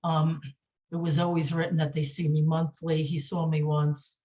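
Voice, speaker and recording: A woman speaking as a podcast guest, indignant and emphatic, with halting speech full of fillers, restarts and repeated phrases. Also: low voice, level tone, mellow. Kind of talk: emotional podcast interview.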